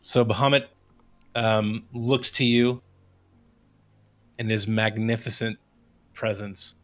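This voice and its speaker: A man running a tabletop game as game master, narrating in a halting way with many restarts. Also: fairly low pitch, steady tone, fairly bright tone, faint music behind. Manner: halting, restarts while describing.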